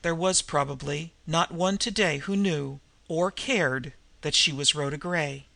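Gravelly, bright-voiced male narrator. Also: a little high, a little slow, no echo. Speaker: audiobook reader. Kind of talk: scripted narration.

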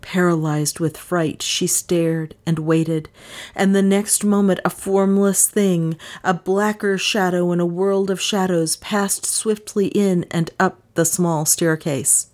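A woman narrating an audiobook in a measured, unhurried reading voice. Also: fairly low pitch, fairly even intonation, a little mellow.

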